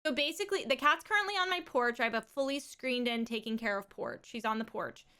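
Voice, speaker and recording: A woman's voice: fairly high pitch, a little fast, bright, forceful tone. A woman live streaming from home, talking in a rambling, casual way and swearing and laughing often.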